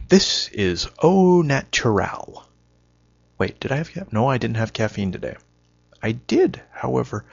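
A man's voice: lowish voice, vocal fry, no echo. A man giving a rambling, self-mocking solo monologue, wry and punchy, on a dull lo-fi recording.

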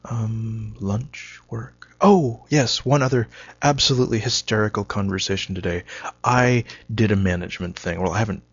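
A man's voice: lowish voice, moderate pace, husky, dry recording. A man giving a rambling, self-mocking solo monologue, wry and punchy, on a dull lo-fi recording.

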